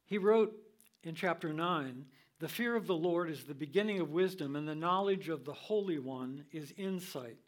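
An older man teaching from the Bible in a sermon style, reading scripture in a measured, deliberate way. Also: on the high side.

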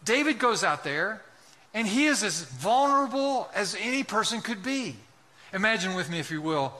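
A man delivers an impassioned sermon in a high, piercing voice. His tone is forceful and tense, and he presses one rhetorical question after another while now and then acting out voices from the story. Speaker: pastor.

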